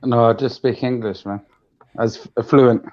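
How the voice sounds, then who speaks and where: A man from the United Kingdom chatting in a relaxed, modest and reflective way on a casual stream. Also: mid-range voice, unhurried, highs cut off. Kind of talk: casual group chat.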